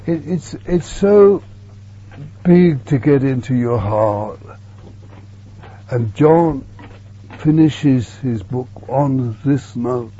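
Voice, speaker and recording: Slow mellow-voiced male preacher. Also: medium pitch, lively intonation, slightly rough. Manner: earnest, repeats words, sometimes drops to a hush. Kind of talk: sermon. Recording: dull lo-fi recording with faint hum.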